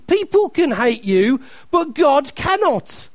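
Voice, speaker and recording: A man's voice: extremely high pitch, takes it slowly, no room sound. A man preaching a sermon, emphatic and repeating key phrases, reading scripture aloud with playful asides to the congregation.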